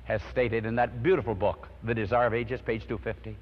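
A man's voice: on the low side, steady tone, brisk. A man preaching a sermon, telling his own testimony in an earnest storytelling way and praying. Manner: earnest storytelling, swelling with emotion. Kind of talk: sermon with personal testimony and prayer. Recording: dull lo-fi recording in long-reverb hall.

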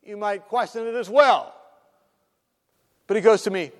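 A man preaches through a story, acting out each voice and sinking into whispers at the quiet moments. His voice sits high for a man. The sound carries a long reverb from a large hall. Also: unhurried. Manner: animated, acts out voices, drops to whispers. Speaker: speaker telling a story from his hospital work. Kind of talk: sermon storytelling.

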